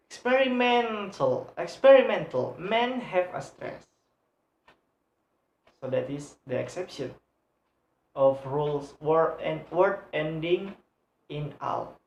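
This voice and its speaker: Slow, hesitant student presenter in an echoey room. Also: mid-range voice. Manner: hesitant, many filler sounds, repeats each example word. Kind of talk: recorded class presentation on word stress.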